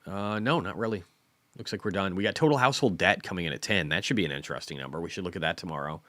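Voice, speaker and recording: A man's voice: sits low, very fast, a bit bright, no room sound. A man in his forties hosting a casual stock market livestream, rambling and self-deprecating, often repeating words. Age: 40s.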